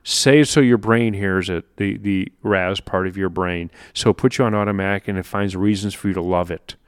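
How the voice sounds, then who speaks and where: Male motivational speaker, low voice, conversational and emphatic, dry close sound. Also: fairly even intonation, normal speed, clean tone, no echo. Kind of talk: motivational monologue.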